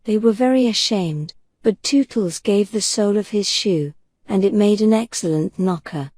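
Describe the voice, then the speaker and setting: Soft-spoken woman reading a bedtime story. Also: mid-range voice, no echo. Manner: gentle, unhurried, soothing. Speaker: audiobook narrator.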